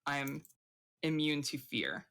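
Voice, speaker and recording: A woman playing a tabletop role-playing game, talking hesitantly with many pauses and fillers. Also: low voice, very animated, fairly bright tone. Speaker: player. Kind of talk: casual tabletop play.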